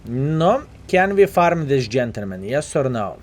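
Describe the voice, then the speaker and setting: A man's voice: medium pitch, very animated, measured pace. A man with a Lithuanian accent, a native Lithuanian speaker, giving chatty live gameplay commentary and calling his viewers "fellas", a bit sleepy. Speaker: gaming commentator.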